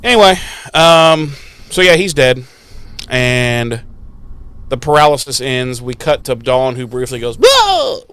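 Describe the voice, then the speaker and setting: A man co-hosting a podcast, recapping an episode in a profane, sarcastic, animated way. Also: medium pitch, unhurried, long pauses, clean tone. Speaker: podcast co-host. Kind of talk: casual recap chat.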